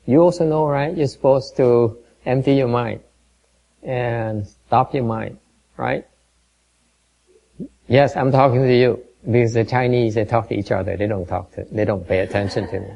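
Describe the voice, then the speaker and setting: A man leads a meditation class in a gravelly voice with a dark, mellow tone. He talks haltingly, with many fillers, and keeps quizzing and teasing his listeners. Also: mid-range voice, poor audio. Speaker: meditation teacher. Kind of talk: dharma talk to a class.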